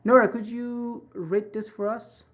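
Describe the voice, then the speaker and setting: A man's voice: extremely high pitch, fairly even intonation, measured pace, a bit bright. A man teaching a live online English grammar class over a video call, encouraging his students and repeating and rephrasing each point.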